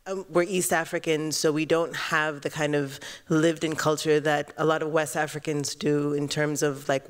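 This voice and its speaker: An American-born artist answers on a panel in a chatty, lively way, laughing easily. The pitch sits in the middle range. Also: smooth. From United States.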